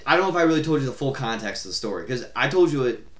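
A man's voice: medium pitch, lively intonation, racing, fairly bright tone, echoey room. Rambling young man telling a bar story. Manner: rambling storyteller, frequent fillers and swearing. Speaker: podcast co-host. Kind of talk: casual chat.

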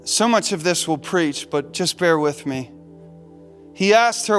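A man's voice: sits high, takes it slowly, fairly bright tone, faint music behind. A man preaching a sermon as a pastor, impassioned, repeating words as he builds to emphasis. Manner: impassioned, repeats words, voices the disciples' despair.

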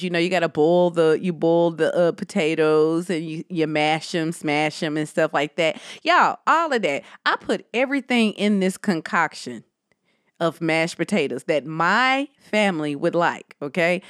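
Animated woman telling stories casually. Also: lowish voice, clear, resonant tone, no echo, clean studio sound. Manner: animated storyteller, addresses listeners as y'all. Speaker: podcast co-host. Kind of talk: casual chat.

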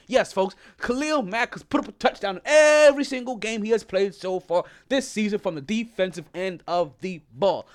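A man hosting a sports podcast, ranting in casual commentary, repeating himself and rattling off stats. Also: high-pitched. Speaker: podcast host.

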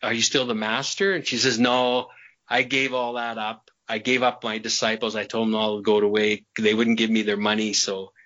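A man with a bright, forceful voice tells a personal story as an interview guest. He rambles, repeats himself and breaks into laughs along the way. The sound is slightly muffled and lo-fi. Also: fairly low pitch, level tone, moderate pace. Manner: rambling, repeats words, laughs between sentences. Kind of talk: casual storytelling.

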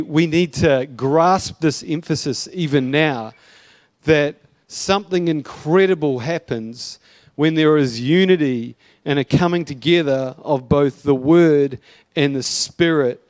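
A man's voice: a little high, darkish tone, no echo. A male pastor preaching a sermon in a casual, chatty way, with asides and light humour.

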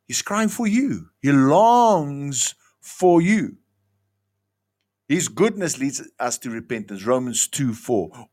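A man preaching a sermon with emphatic delivery that rises high and drops low. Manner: emphatic, pitch swinging between highs and lows.

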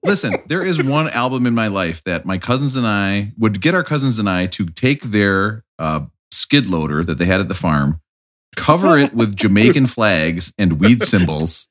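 Animated joking man hosting a podcast. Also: fairly low pitch, normal speed. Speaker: podcast host. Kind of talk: casual chat.

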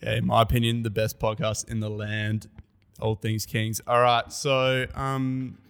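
A man's voice: lowish voice, level tone, unhurried, gravelly, fairly bright tone, clean tone, in a large hall. An Australian man co-hosting a casual podcast, introducing segments and asking questions. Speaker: podcast co-host. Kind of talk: casual chat.

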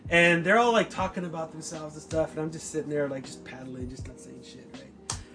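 A man in his forties telling a story in casual chat, profane and animated, often checking in with "right?". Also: a little high, fairly quick, soft background music.

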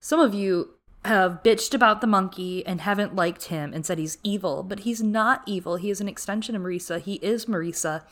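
A woman co-hosting a podcast, recapping a TV episode in casual chat with emphatic, animated storytelling. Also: mid-range voice, brisk. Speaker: podcast co-host.

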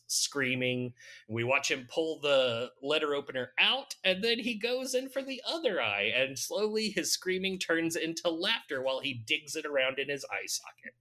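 A man recaps a film in loose podcast chat. His voice is bright and forward. He laughs often and keeps dropping dry jokes. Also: a little high, lively intonation, moderate pace. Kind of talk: casual chat.

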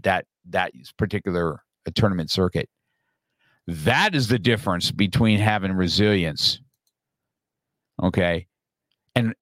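A middle-aged man on a podcast, telling a story in a lively, casual way and acting out his own lines from the past. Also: lowish voice, dry recording. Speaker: podcast guest.

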